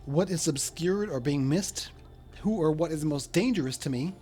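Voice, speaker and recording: A man narrating a tabletop game as game master, in a halting way full of hesitations. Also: fairly high pitch, a little mellow, faint music behind. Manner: halting, lots of uh's and restarts.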